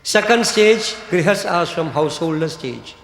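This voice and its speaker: Older guy preaching a sermon, kinda high voice, big echoey hall. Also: animated, moderate pace, creaky, a bit bright, slight background noise. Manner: addresses listeners as devotees, rhetorical asides like "hmm?". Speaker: pandit giving a religious discourse. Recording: echoey hall with long reverb.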